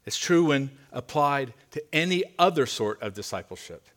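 A man preaching a sermon to his congregation as their pastor, earnest and emphatic, dropping to quieter asides. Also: medium pitch, expressive, normal speed. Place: church sanctuary.

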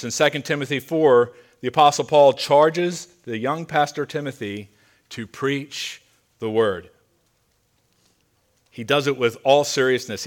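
In a church sanctuary, a male pastor with a mid-range voice preaches a sermon to his congregation. He is earnest and emphatic, occasionally dropping into quieter asides.

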